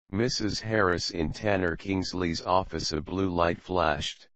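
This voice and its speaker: A man reading an audiobook in a steady, measured way. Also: deep voice, no room sound. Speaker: audiobook reader. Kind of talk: audiobook narration. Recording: dull lo-fi audiobook.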